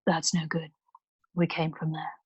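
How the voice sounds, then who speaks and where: A woman voicing an insolent, laid-back male river traveller who talks low and dismissively, half whispering. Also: monotone, a little slow, breathy edge, no room sound, dull audio, exaggerated voice.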